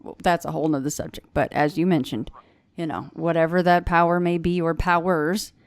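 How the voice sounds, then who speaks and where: A woman's voice: deep voice, flat delivery, fairly quick, no room sound, clean studio sound. A woman hosting a podcast in casual conversation, sarcastic and playful, laughing often. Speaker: podcast host.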